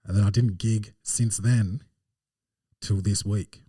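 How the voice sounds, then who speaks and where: A man's voice: lowish voice, fairly even intonation, slow pace, dark tone, slightly rough, no room sound, clean studio sound, distant mic. A man, a stand-up comedian hosting his podcast alone, telling self-deprecating stories in a casual, rambling way. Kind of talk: casual solo podcast monologue.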